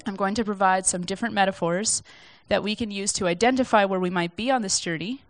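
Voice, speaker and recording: A woman's voice: medium pitch, fast talker, no room sound. A young woman giving an informal sermon from notes in a conversational, reflective, self-deprecating way. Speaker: speaker sharing a church message.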